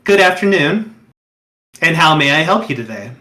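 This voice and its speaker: A man voicing a dashing, courteous young male wraith who greets guests at a tea house, warm and fervent. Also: on the high side, expressive, moderate pace. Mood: welcoming.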